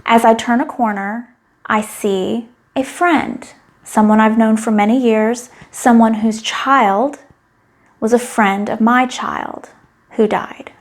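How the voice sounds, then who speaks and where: A middle-aged woman talking to camera in a candid, wry and emotionally open personal monologue. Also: mid-range voice. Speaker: vlogger.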